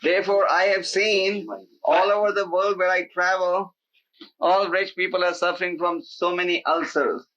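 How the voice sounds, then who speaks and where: Animated man preaching, bright voice. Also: high voice, normal speed. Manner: animated, acts out quoted voices, pleading and emphatic. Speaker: spiritual teacher. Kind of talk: sermon to a live gathering. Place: indoor hall with an audience. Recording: dull lo-fi tape recording.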